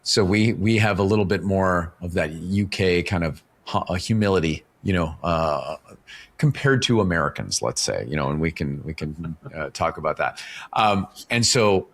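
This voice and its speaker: Guy, middle-aged, real low voice, chatty interview guest who keeps going "right?". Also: expressive, normal speed. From Canada. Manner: explains with stories, often checks in with "right?". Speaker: author and professional speaker, podcast guest. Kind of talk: casual interview talk.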